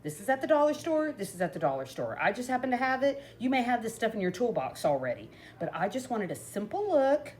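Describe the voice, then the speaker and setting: A bubbly middle-aged woman hosts a casual craft video. Her pitch swoops up and down as she chats, and she breaks into laughs between rambling asides. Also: a little mellow. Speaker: crafting vlogger. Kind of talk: chatty craft tutorial.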